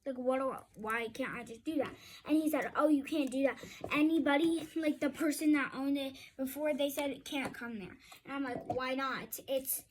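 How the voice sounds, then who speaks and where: A woman's voice: high-pitched, fairly even intonation, moderate pace, a little hiss or hum, poor audio. A young girl rambling casually to her viewers in a chatty vlog, often calling them "y'all". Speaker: vlogger.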